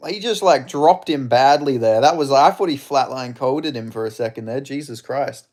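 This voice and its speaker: A man streaming live fight commentary, excitable and swearing, chatting with his viewers between rounds. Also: mid-range voice, moderate pace.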